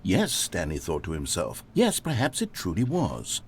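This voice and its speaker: A wry game narrator. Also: male voice, deep voice, huge pitch swings, normal speed, slightly rough, heavily acted. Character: dry, witty male narrator of a game. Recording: game audio with music underneath.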